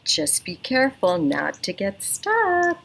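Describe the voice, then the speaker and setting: A woman librarian reads a picture book aloud to children on a front porch for storytime, her mid-range voice gravelly and slightly rough as she goes slowly in an animated, teacherly, coaxing way. It was captured on a computer webcam in low quality, with neighborhood sounds around her.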